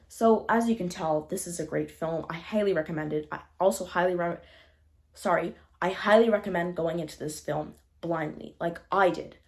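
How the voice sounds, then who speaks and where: A young woman casually reviewing old films on her channel, rambling, correcting herself and apologizing often. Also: fairly low pitch. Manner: chatty, rambling, frequent self-corrections and apologies. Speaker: film reviewer. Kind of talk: casual unscripted film review.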